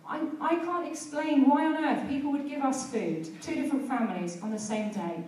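In a church hall, a woman preacher with a high-pitched, darkish voice speaks at normal speed through a sermon and prayer. Her conversational storytelling builds to fervent exhortation. The audio is very echoey and distant, with a little hiss or hum.

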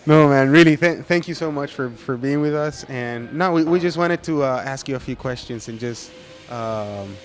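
A man hosting a podcast interview in a coffee shop, laughing often and halting with fillers. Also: medium pitch. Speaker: podcast host. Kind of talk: casual interview chat.

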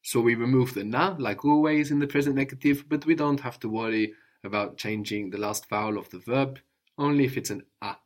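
A man's voice: medium pitch, brisk. Patient male language tutor. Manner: patient, drills with prompts and tag questions. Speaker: language teacher. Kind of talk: one-on-one language lesson.

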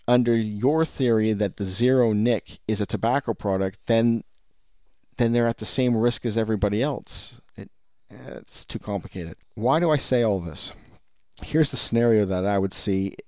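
A man's voice: on the low side, a little mellow, no room sound, studio quality. A man giving ranting commentary on the vape business, rambling and profane with many restarts.

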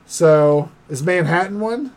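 A man co-hosting a casual podcast who chimes in often with quick agreement and joking guesses. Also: fairly high pitch, expressive. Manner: chatty, quick agreeing interjections. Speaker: podcast co-host. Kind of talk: casual chat.

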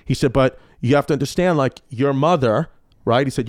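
A comedian guest telling stories in casual chat, animated and profane, acting out quotes. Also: male voice, mid-range voice, a little fast, no room sound, clean studio sound. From New York. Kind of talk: casual storytelling.

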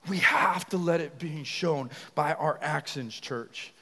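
A young man preaches with fiery passion, his voice lifting almost to a shout as he pushes his point. His tone sits a little higher than most men's, and the church hall gives every phrase a long, ringing tail. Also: slow. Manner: passionate, often raises voice to near shouting. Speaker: youth pastor leading worship. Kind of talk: sermon. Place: church sanctuary.

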